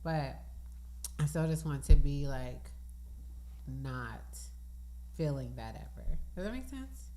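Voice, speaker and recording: A woman co-hosting a casual podcast chat, talking reflectively and trailing off softly. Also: deep voice, expressive, slow pace, pauses often. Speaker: podcast co-host.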